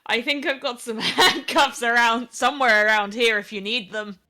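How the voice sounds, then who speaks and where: A flirty, teasing male doctor, read aloud by a woman with a bright, high voice. He sounds playful and suggestive as he delivers game dialogue in a loose, read-aloud way. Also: fairly even intonation, normal speed.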